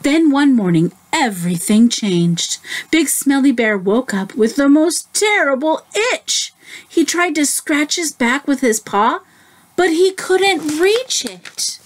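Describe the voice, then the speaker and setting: A woman teacher reading a picture book aloud to children, gently stopping to ask them questions. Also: fairly high pitch. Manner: slow, gentle, asks the listeners questions. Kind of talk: children's story read-aloud.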